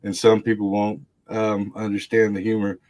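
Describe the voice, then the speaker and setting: A man's voice: lowish voice, completely flat delivery, moderate pace, a little mellow. A man telling a wild family story in casual chat, laughing often, swearing freely and mimicking the people he quotes. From Texas. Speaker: guest storyteller.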